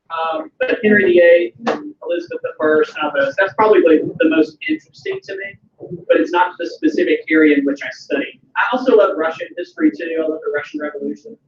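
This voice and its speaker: A man's voice: high voice, huge pitch swings, a little fast, vocal fry. A man with a Southern US accent, a historian chatting with students in a casual Q&A, enthusiastic, with lots of ums and restarts. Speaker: historian answering students' questions. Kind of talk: casual Q&A over a video call. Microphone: video call. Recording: echoey, distant, muffled video call audio with light noise.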